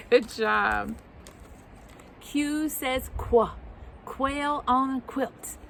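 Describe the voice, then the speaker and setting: A woman teacher leading a children's phonics lesson outdoors, sounding out each letter slowly and clearly with encouraging praise. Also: high-pitched, a bit bright, a little hiss or hum. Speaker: preschool teacher. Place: outdoors at home.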